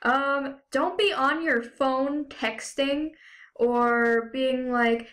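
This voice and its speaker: A woman's voice: high voice, fairly even intonation, very slow, fairly bright tone. A young woman vlogging in a casual, sarcastic, profane rant, full of "you know" and "like" fillers. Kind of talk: ranting casual vlog.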